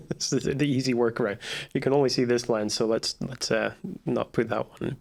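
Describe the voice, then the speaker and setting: Rambling man, mid-pitched voice. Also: fairly even intonation, a little fast, creaky, darkish tone. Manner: rambling, restarts often, laughs while talking. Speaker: filmmaker guest. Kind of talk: casual chat.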